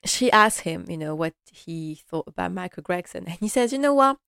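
A woman's voice: fairly low pitch, normal speed, vocal fry, pushed and bright, smooth, no echo, clean studio sound. Chatty woman recapping a TV episode. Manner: chatty, laughs often, acts out characters' lines. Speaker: series recap vlogger.

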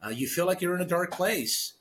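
A man's voice: high voice, animated, a little fast, fairly bright tone, slight background noise. A middle-aged man, a retired police sergeant, talking as a guest in a casual interview and stressing key words as he explains.

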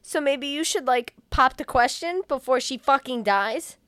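A woman co-host breaks into the recap with jokes and disbelieving questions, often swearing. Her voice is high, and the recording is dry and close. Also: measured pace, clean tone, no room sound. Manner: loud, joking, incredulous reactions. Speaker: podcast co-host. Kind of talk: casual chat reacting to a movie recap.

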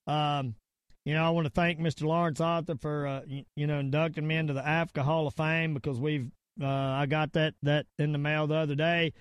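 A middle-aged man with a Southern US drawl hosts a casual podcast. He rambles, stumbles over repeated words and leans hard on his points. His voice sits a touch high for a man and sounds close and dry. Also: clean tone, no room sound. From Virginia / North Carolina area, US. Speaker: podcast host. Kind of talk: casual podcast rant and sign-off.

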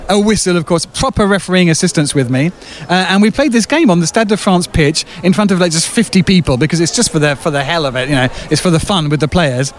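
An English man, a sports journalist, telling a lively anecdote outdoors with frequent fillers. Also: high-pitched, fast talker. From England. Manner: chatty storyteller, many fillers, lively retelling. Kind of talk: casual anecdote.

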